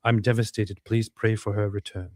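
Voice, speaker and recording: A man with a fairly low voice chats casually on a livestream and reads viewers' comments aloud. The sound is close and dry, with no room echo. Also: level tone, normal speed, a little mellow. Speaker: co-host reading viewer comments.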